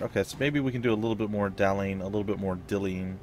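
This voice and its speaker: A man's voice: lowish voice, fast talker, a little mellow, a little hiss or hum. A man hosting a let's play, reading the game's narration aloud and dropping in casual asides.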